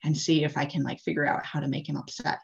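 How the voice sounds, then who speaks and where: A woman's voice: deep voice, flat delivery, fast, vocal fry. A woman playing Mara, a blustering comic demon. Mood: scheming. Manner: blustering, casual quoted speech. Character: comical buffoonish male demon tempter, scheming. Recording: dull lo-fi video call audio.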